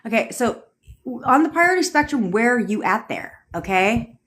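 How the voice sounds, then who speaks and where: This woman is a manifestation coach ranting on a phone livestream as she answers viewer comments. Very animated, she talks at normal speed in a fairly bright, higher-pitched voice, bluntly and profanely, peppering viewers with rhetorical questions.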